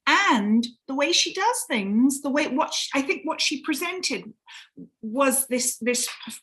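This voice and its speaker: A woman's voice: sits high, expressive, a little slow, fairly bright tone. A middle-aged woman from England with an English accent, chatting as an author guest on an interview show. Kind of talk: casual interview chat.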